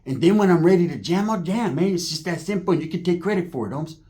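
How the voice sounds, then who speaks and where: A man's voice: high-pitched, lively intonation, fast talker, darkish tone. A man with a Californian accent telling a rambling, profane street story full of slang and acted-out quotes.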